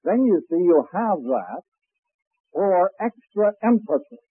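A man teaching a class on preaching, talking slowly and deliberately and demonstrating breathing as he explains. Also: high voice, sing-song, slightly rough, dry recording. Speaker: preaching instructor. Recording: tinny, phone-like old recording.

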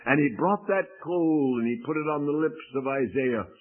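A man preaching a sermon, dramatic, telling a story with quoted voices. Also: a little high. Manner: dramatic, swings from slow to fast. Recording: tinny phone-like radio broadcast.

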